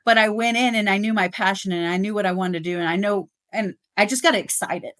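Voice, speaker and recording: Middle-aged woman, podcast guest; lively, story-driven delivery with frequent fillers. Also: mid-range voice, fast talker. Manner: animated storytelling, rising excitement, many fillers. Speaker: guest, dealership service manager. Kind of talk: casual interview chat.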